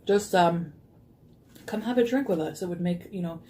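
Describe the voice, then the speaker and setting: A woman's voice: fairly low pitch, normal speed, warm tone, natural voice. A woman voicing a sleazy old drunk man coaxing a girl, in a wheedling tone.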